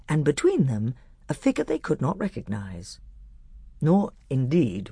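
A man narrating an audiobook in an expressive storytelling manner, gravelly and husky. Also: medium pitch, no room sound, clean studio sound.

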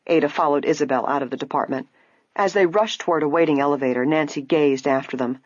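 Woman audiobook narrator, low and husky, slightly muffled recording. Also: fast talker, dry recording. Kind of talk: scripted narration.

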